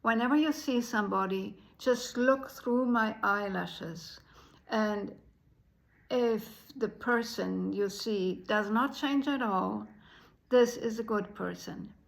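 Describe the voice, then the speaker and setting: A woman voicing a big, wise male wolf who gives calm, stern advice. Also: mid-range voice, takes it slowly, vocal fry, poor audio. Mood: earnest.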